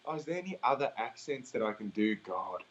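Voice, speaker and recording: A man's voice: medium pitch, expressive, brisk. A young Australian man, an interview guest, talking in an upbeat, chatty way and laughing easily. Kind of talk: casual interview chat. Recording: slightly dull recording, faint ambience.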